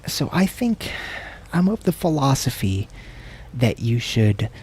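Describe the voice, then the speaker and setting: A man's voice: big pitch swings, takes it slowly, darkish tone, husky. A man from the United States streaming a video game, talking in a casual, profane, rambling way and sometimes dropping to a murmur. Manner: slips into low murmurs and whispers. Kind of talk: casual livestream chat while gaming.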